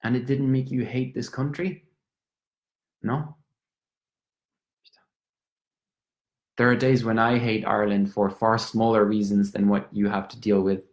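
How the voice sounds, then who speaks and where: A man's voice: lowish voice, level tone, unhurried, pauses often, lightly acted. A man playing a drunk, stammering young Frenchman. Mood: rueful. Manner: rambling, stammering, switches between English and French. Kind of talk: theatrical monologue. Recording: roomy echo.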